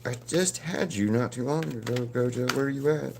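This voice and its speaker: A man live-streaming his painting, chatting casually with viewers and greeting them by name in a relaxed, rambling way. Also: mid-range voice, moderate pace, gravelly, noisy background.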